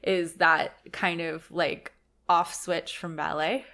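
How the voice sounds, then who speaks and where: A woman's voice: lowish voice, fairly even intonation, slow, fairly bright tone. A woman co-hosting a podcast, chatting about a film in an easygoing, agreeable way, with many uses of "like". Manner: easygoing, agreeable, heavy use of "like". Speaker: podcast co-host. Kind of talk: casual film discussion.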